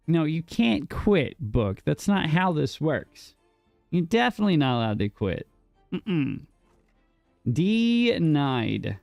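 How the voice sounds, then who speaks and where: A man's voice: fairly high pitch, big pitch swings, takes it slowly, gravelly, a little mellow, no room sound, soft background music. A man streaming a game, casually bantering with his chat and teasing them in a mock-defensive way, with some casual swearing. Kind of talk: casual live gameplay chat.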